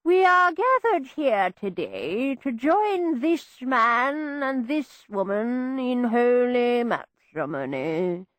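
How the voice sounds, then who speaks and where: A woman reading an audiobook, voicing a male vicar who intones the wedding service in a slow, solemn drone. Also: on the high side, very animated, fairly bright tone, no room sound, heavily acted. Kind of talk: audiobook character voice.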